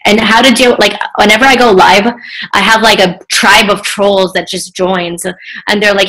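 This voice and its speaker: A young adult woman talking as a guest in a casual podcast interview, chatty and animated, with many filler likes. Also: mid-range voice, normal speed, poor audio. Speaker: podcast guest, social media entrepreneur.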